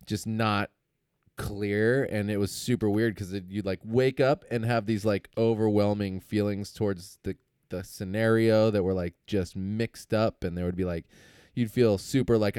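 Guy on a podcast, low-ish voice, jokey and chill, dry close sound. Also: steady tone, a little mellow, clean tone, dry recording. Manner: joking, quick reactions, swears. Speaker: podcast co-host. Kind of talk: casual chat.

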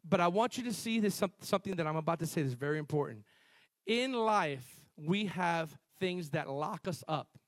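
High-voiced animated male preacher. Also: moderate pace, dry recording. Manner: animated storytelling, shifting between loud emphasis and quiet asides; repeats and restarts phrases, calls on the congregation. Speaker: pastor. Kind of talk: sermon.

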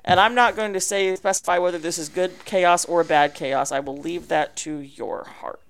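A man co-hosting a comedy podcast, trading quick jokes and reading out a listener question. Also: sits high, fairly even intonation, a bit bright, clear, resonant tone. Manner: reads out listener questions, fast quips. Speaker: podcast co-host. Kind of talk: casual comedic chat.

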